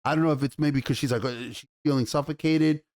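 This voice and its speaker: High-voiced man in a profane rant. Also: fairly even intonation, fast, a little mellow. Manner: exasperated, swears a lot, stumbles and restarts. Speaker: YouTube TV show reviewer. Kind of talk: profane ranting review.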